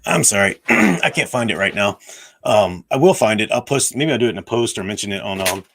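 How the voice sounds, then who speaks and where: Hoarse man rambling on a livestream. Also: fairly low pitch, animated, brisk, a bit bright. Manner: rambling, many restarts and fillers. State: hoarse, voice worn out. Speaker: livestream host. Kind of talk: casual livestream chat. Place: at home, room with bookshelves.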